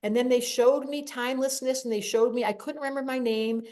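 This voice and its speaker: A woman hosting a podcast interview, telling personal stories in an animated, emotional way. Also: on the high side, brisk. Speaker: podcast host. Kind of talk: conversational interview.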